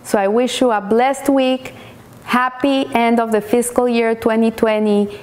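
A woman giving a weekly Torah talk, speaking in halting bursts and often repeating words as she searches for them. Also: fairly high pitch, darkish tone. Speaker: Torah teacher.

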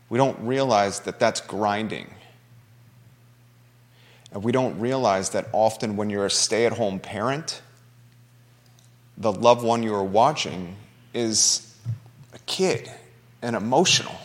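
A man's voice: fairly low pitch, slow, pauses often, big-room sound. A man hosting a local talk show, speaking earnestly and conversationally, at times emotional. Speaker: radio show host. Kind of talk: talk radio monologue.

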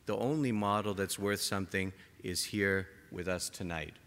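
Impassioned preacher in a reverberant hall. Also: male voice, sits low, normal speed. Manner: impassioned, rising to emphatic peaks then dropping soft. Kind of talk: sermon.

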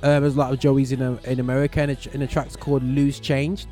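A man's voice: medium pitch, level tone, fast talker, warm tone, soft background music. A man in his forties hosting a casual radio show from a small studio, talking in a loose, rambling way with slang.

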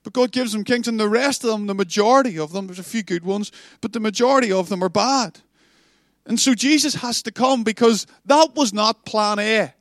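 A male pastor preaching with passion, often restarting phrases and breaking off into chatty asides. His voice sits high and carries no room sound at all. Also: brisk, no room sound, studio quality. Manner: passionate, animated, self-interrupting; stammering restarts, warm asides. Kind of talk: sermon.

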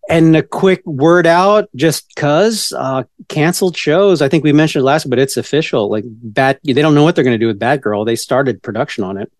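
A fairly high-voiced man in his forties, chatting as a podcast co-host. He rambles through stories with excited restarts. His voice sounds close and dry, with no room around it. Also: normal speed, hardly any pauses, dry recording. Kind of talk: casual pop-culture chat.

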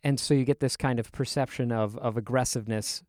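A man's voice: medium pitch, steady tone, brisk, darkish tone, no room sound. Male host, inquisitive, dry close-mic sound. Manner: curious, questioning. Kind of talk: casual academic discussion.

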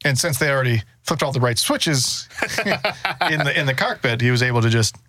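A man in a casual discussion who jokes and chimes in with quick remarks. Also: medium pitch, expressive, pushed and bright, dry recording. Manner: joking, quick interjections.

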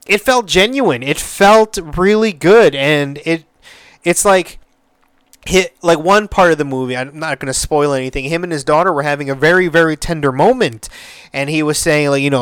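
Rambling, profane podcast host with a smooth voice. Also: male voice, fairly high pitch, moderate pace, a bit bright, no echo. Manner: rambling, repeats words, swears freely. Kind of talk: casual solo podcast chat.

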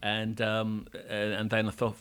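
A middle-aged man with an English accent, chatting casually as an interview guest, halting with many restarts and casual swearing. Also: on the low side, completely flat delivery, a bit bright, clear, resonant tone. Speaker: actor and guest.

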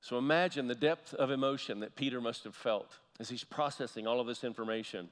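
Male pastor preaching in a reverberant hall. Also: medium pitch. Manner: storytelling, repeats key phrases slowly for emphasis. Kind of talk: sermon.

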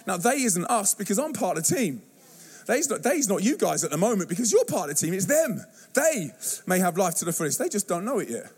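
An animated male preacher, speaking in a fairly high voice. He tells lively stories to a church congregation, jumping into slang and put-on voices as he goes. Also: a little fast, husky. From England. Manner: animated storytelling, acts out youth slang and voices. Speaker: youth preacher. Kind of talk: sermon. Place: church hall.

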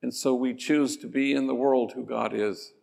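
A man, a priest, telling stories in a gentle, slow sermon-like talk that drops to soft endings. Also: medium pitch, fairly even intonation, creaky. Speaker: priest and speaker. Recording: long reverb of a large hall.

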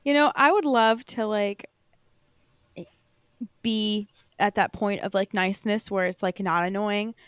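A woman co-hosting a podcast, apologetic and quick to laugh in casual chat. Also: mid-range voice, steady tone, clear, resonant tone, no room sound, studio quality. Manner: apologetic, laughs often, many "like" fillers. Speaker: podcast co-host.

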